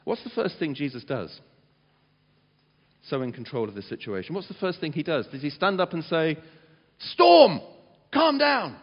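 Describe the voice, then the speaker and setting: A man preaching a sermon, animated and dramatizing quotes. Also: fairly high pitch, normal speed. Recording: muffled sound with long hall reverb.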